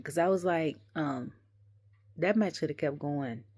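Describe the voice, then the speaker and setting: Animated rambling woman with a low voice. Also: moderate pace. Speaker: wrestling review vlogger. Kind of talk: casual ranting review.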